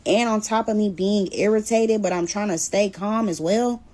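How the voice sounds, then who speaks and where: A woman sits and tells her followers a personal story time. She talks in a casual, blunt way and swears freely as she goes. Her voice sits in a middle pitch. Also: normal speed. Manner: blunt, animated retelling with swearing. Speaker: storyteller vlogger.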